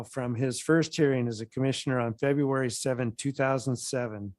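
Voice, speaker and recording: A man chairing a county commission meeting, reading a formal resolution in a measured, formal way. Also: mid-range voice, fairly even intonation, background noise.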